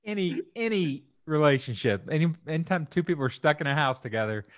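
A man's voice: fairly high pitch, animated, brisk, no echo. A man chatting casually with a friend, thoughtful and teasing in turn. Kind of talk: casual chat.

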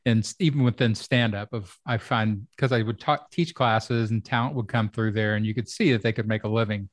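A man's voice: lowish voice, fairly even intonation, brisk, dry recording, studio quality. A man who works as a comedy producer, chatting casually on a podcast and telling rambling stories with asides.

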